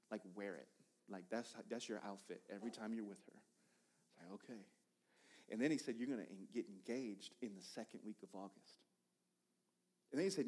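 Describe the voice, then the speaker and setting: A man in his thirties preaching a sermon, telling a personal story in a conversational way that swings from loud bursts to hushed asides. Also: medium pitch, a little fast. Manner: conversational, repeats words and restarts.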